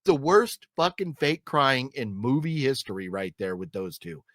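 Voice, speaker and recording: Animated man reviewing a movie. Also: medium pitch, measured pace, no room sound, clean studio sound. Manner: animated, profane, acts out scenes in mocking voices. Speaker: film reviewer, podcast host. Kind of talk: casual movie review chat.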